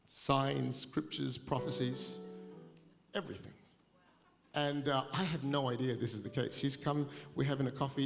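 Gravelly-voiced man preaching in a hall. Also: medium pitch. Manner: humorous, animated storytelling, laughing through anecdotes. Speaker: pastor. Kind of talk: sermon with storytelling. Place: large church hall. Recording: live church recording with long reverb and music behind.

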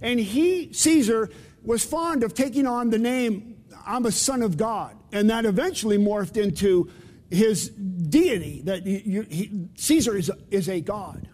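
A man's voice: sits high, measured pace, warm tone, big-room sound. A man preaching a sermon to his congregation in a conversational way, putting questions to his listeners. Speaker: pastor. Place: church sanctuary.

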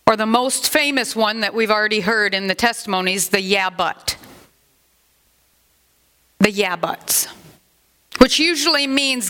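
An older woman pastor preaching a sermon in a chatty, animated way, with asides to the congregation. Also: on the high side, unhurried.

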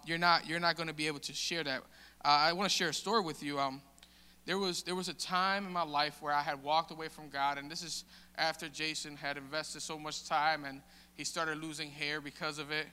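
A man giving a casual, halting testimony in a sermon, with many restarts and fillers. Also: sits high, sharp tone. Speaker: church member sharing testimony. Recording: long hall reverb.

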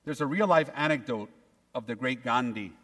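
A man in his forties, a priest, delivering a sermon with animated storytelling and acted-out quotes. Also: mid-range voice, normal speed, in a large hall. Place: church.

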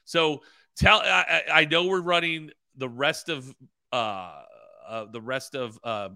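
An easygoing man co-hosting a casual podcast, quick to chime in with short agreements. His voice is very bright and forward, and it is recorded close and completely dry. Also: mid-range voice, gravelly, dry recording. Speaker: podcast co-host. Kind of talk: casual chat.

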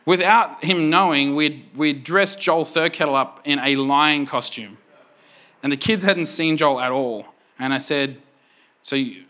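A male pastor in his thirties preaching a sermon, telling a story in an animated way and laughing often. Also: medium pitch.

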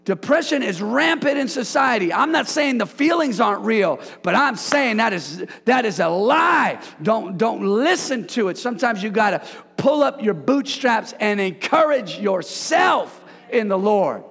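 A man's voice: high voice, animated, a little slow, gravelly, a bit bright, slightly rough. A male pastor preaching a sermon, exhorting the congregation and calling on them to repeat lines after him. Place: church hall. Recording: long hall reverb.

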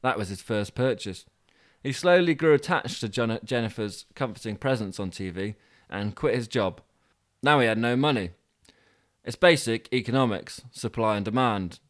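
A man narrating a comic story with dry, deadpan asides. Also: medium pitch, moderate pace. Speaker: podcast host and storyteller.

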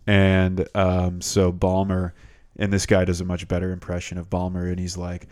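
A man with a very deep voice co-hosts a casual chat. He tells stories in a loose, animated, joking way. The sound is dry and close, with no room echo. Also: normal speed.

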